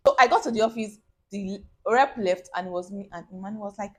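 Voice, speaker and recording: A young woman, telling a personal story to camera in a casual, animated way and acting out the people she quotes. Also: mid-range voice, normal speed. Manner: animated, acts out quoted voices, bursts of laughter.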